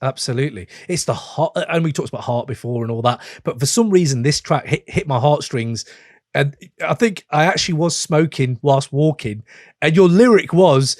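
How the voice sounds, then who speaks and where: An enthusiastic man hosts a music podcast, heaping praise on his guest. His voice sits a little high and sounds dry and close on the mic. He speaks in a loose, casual way. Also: a little fast, no room sound. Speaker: podcast host. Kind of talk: casual interview chat.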